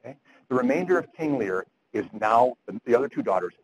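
A man's voice: mid-range voice, expressive, quick pace, breathy edge, poor audio. A man lecturing physicians at grand rounds, retelling a story earnestly and often repeating words as he goes.

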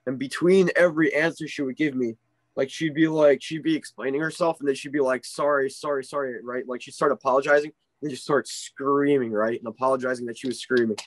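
A man who works as a ski instructor tells a story in a casual interview. He is animated and keeps checking in with "right?". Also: medium pitch, a little fast, dry recording.

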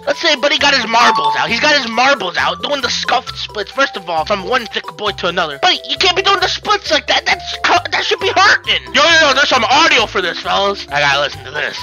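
A man hosting a comedic reaction video, loudly yelping and talking to his viewers as fellas. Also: sits high, sing-song, brisk, gravelly, hardly any pauses, music in the background, poor audio.

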